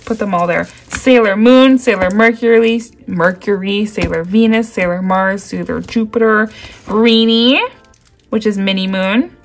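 A woman's voice: mid-range voice, slight background noise. A woman vlogging a craft unboxing at a table indoors, gushing and exclaiming as she talks straight to her viewers. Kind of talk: excited unboxing chat. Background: crinkling packaging.

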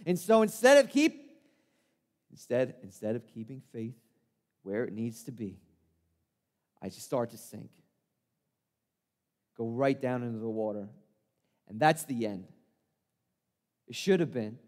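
A man's voice: medium pitch, darkish tone, natural voice. A man performing a first-person monologue as the disciple Peter, an impulsive, earnest fisherman, telling his story in a conversational, self-deprecating way in a church sanctuary. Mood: gripping. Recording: long reverb of a church hall.

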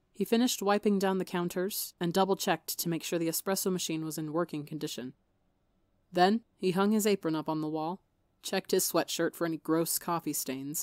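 A woman with a slightly gravelly voice, narrating a fan fiction story in a steady audiobook reading. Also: on the low side, no echo, clean studio sound. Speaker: podcast fiction reader.

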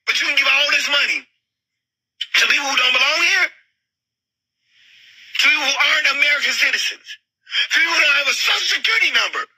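A woman in an angry, profane rant, shouting and agitated, saying she is overheated and upset. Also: high-pitched, a little fast, long pauses, rough recording. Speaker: woman in a viral video. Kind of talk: angry ranting monologue.

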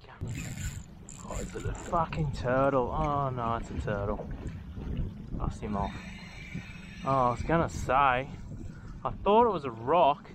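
A man narrates his fishing trip in a loose, excitable way, chatting to the fish as much as to the camera. His voice sits at an ordinary middle pitch for a man. Boat and water noise comes through clearly behind him, out on the open water. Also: measured pace, long pauses. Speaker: fishing vlogger. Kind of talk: casual commentary while fishing. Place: outdoors on a small boat on the water.

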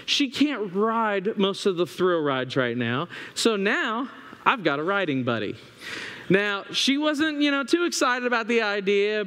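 A man preaching with a bright, high-pitched voice, telling funny stories with animated energy. His sermon rings through a church sanctuary with long hall reverb. He speaks from a stage through a microphone. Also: smooth. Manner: animated, humorous storytelling. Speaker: assistant pastor.

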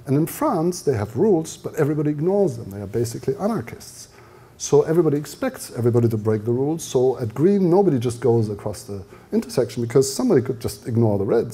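Older German-accented male lecturer, deep mellow tone, husky, loose anecdotal delivery. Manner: rambling, storytelling, with frequent fillers and restarts. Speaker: design lecturer.

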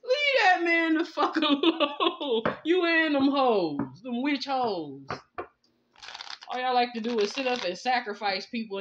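A woman's voice: medium pitch, fairly bright tone, dull audio, a little hiss or hum. A woman giving a casual tarot reading, ranting in disbelief with lots of cursing and bursts of laughter. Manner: profane, laughing, incredulous ranting. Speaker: tarot reader. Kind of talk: casual spiritual reading vlog.

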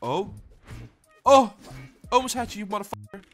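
A young man giving gameplay commentary as a channel host, excitable and swearing constantly as he yells at opponents. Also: mid-range voice, moderate pace, soft background music.

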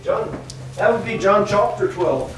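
A man teaching a children's Sunday school class, telling a Bible story slowly and with animation and asking the children questions. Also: high-pitched, animated, faint music behind. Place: church classroom. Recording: echoey room, distant mic, faint noise.

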